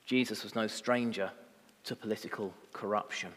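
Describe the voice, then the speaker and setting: A man preaching a sermon as pastor, rising to impassioned emphasis and dropping to quiet reflection. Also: lowish voice, steady tone, moderate pace, a little hiss or hum. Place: church. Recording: long reverb of a church hall.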